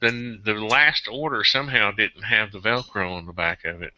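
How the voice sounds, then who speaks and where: A tired man hosting a casual online group chat, rambling and excitable, jumping into high-pitched outbursts. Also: normal speed, lo-fi sound. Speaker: host of an online hangout.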